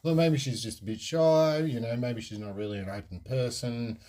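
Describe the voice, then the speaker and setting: A man's voice: mid-range voice, moderate pace, dark tone. A young man, hosting a podcast and telling a personal story in a frank, rambling way, full of fillers and restarts. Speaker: podcast host. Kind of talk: casual storytelling monologue.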